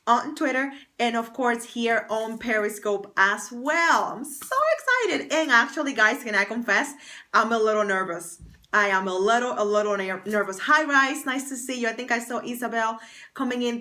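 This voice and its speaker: On an external phone mic, a woman with a fairly high, sharp voice hosts a laid-back livestream. Working as a fashion stylist and confidence coach, she stays chatty and bubbly and thanks viewers by name.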